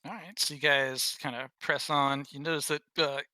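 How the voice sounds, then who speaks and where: A man's voice: on the high side, fairly even intonation, normal speed, pushed and bright, dry recording, poor audio. A man narrating as game master in a rambling, self-correcting way.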